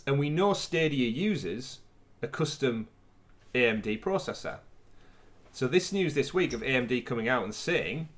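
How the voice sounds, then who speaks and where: A man's voice: medium pitch, animated, normal speed, fairly bright tone. Male podcast co-host, casual, chatty, mid-range voice, fillers and laughs.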